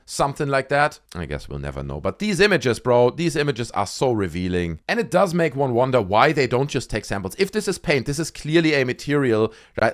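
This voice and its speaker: A young man hosting a casual commentary video, talking with animation and sarcasm and calling his viewers dude. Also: mid-range voice. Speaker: video host.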